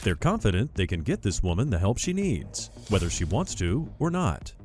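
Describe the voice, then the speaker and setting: A man narrates in a measured, analytical tone. His voice sits a little low. His intonation sweeps widely up and down. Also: sing-song, a little mellow. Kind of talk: scripted narration.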